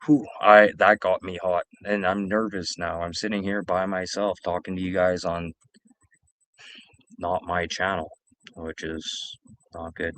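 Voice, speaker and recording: Low-voiced man rambling profanely. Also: level tone, measured pace, a bit bright. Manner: rambling, profane, repeats himself. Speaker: streamer telling stories. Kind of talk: casual storytelling.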